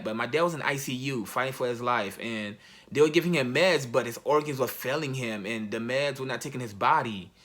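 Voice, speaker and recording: A young man, a college athlete, telling a personal story in a casual, slang-heavy, halting way. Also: medium pitch, bright, forceful tone. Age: young adult.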